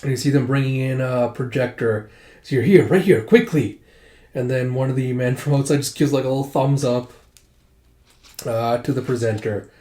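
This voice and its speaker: A man's voice: medium pitch, level tone, normal speed, dark tone. A man casually narrating a comic book readthrough, swearing and describing panels. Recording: echoey room.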